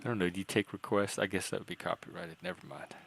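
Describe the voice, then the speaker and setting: A man hosting a casual panel chat, rambling and hesitant, often trailing off quietly. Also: sits low, steady tone, fast, creaky, a little hiss or hum. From United States. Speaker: podcast host.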